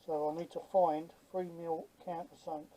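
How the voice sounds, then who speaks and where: A Londoner in his fifties with a Cockney accent talks through his model build in an easygoing workshop chat. His voice is dark and mellow, and his talk is blunt, cheeky and sprinkled with swearing. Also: fairly high pitch, level tone, moderate pace, low-quality recording. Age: 50s. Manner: blunt, jokey, swears freely.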